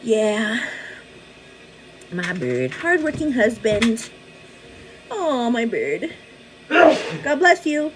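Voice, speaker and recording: A woman's voice: a little high, sing-song, very slow, long pauses. A young pregnant woman from El Paso, chatting giggly and casually on her morning livestream. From El Paso, Texas. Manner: giggly, chatty, often says girl. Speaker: livestream host.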